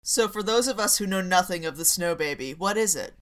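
A woman co-hosting a casual podcast, asking short questions and making dry, quick quips. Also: on the low side. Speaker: podcast co-host.

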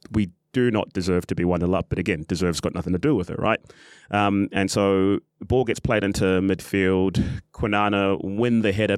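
A man's voice: low-pitched, clean tone, no echo. A man hosting a podcast, telling a story in casual chat, full of ums and restarts and acting out what people said. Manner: animated, acts out quotes, many ums and restarts. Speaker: podcast host and football club official.

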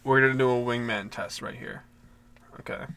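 A young man in his twenties talks on a podcast in a relaxed, crude, storytelling way. His voice sits in a middle pitch, and he laughs easily between points. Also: moderate pace, smooth. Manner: laid-back, crude, laughs often. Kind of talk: casual storytelling chat.

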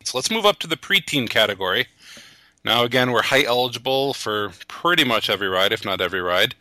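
A man co-hosting a podcast in casual chat, quick and wry, moving the segments along. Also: medium pitch, animated, pushed and bright, slight background noise. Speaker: podcast co-host.

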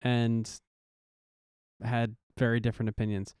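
A man's voice: mid-range voice, monotone, unhurried, a little mellow, clear, resonant tone, dry recording, studio quality. A man co-hosting a podcast, talking earnestly and rambling a little with fillers. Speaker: podcast co-host. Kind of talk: casual podcast chat.

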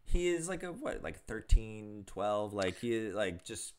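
A man co-hosts a casual podcast about a TV series. He talks loosely and keeps saying "like". Now and then he slips into quick acted-out lines from the show. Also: lowish voice, big pitch swings, clear, resonant tone. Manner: chatty and loose, heavy use of "like", acts out quoted lines. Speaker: podcast co-host. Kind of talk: casual review chat.

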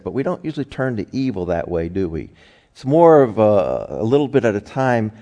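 A man's voice: on the low side, mellow. A man preaching a sermon in a folksy, conversational way, telling homespun stories. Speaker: pastor. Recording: long hall reverb.

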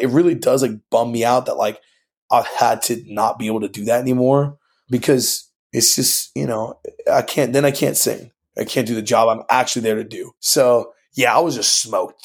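Young cali guy on a podcast, husky voice, says dude a lot, super chill and rambly. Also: mid-range voice. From California. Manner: laid-back slangy talk, lots of "dude" and "like". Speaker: guest, band singer. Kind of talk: casual podcast conversation.

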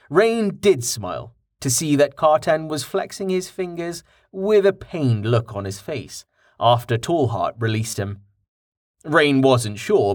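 Casting: animated male storyteller, mid pitch, dry close studio mic. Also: no echo. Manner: expressive storytelling. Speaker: audiobook narrator. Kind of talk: scripted fantasy narration.

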